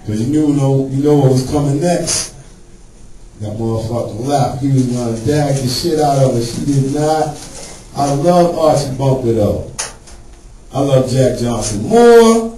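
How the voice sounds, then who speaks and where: Male stand-up comic, raunchy storyteller, slightly high voice, roomy club sound with faint ambience. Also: warm tone, recorded from a distance, a little hiss or hum. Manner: profane storytelling, acts out characters in high voices. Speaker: stand-up comedian. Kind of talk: stand-up set. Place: comedy club stage.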